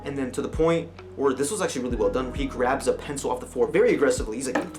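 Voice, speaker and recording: A man's voice: mid-range voice, very fast, few pauses. Rambling man reviewing a movie. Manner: rambling, lots of fillers and restarts. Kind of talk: casual spoken movie review. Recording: music playing clearly behind.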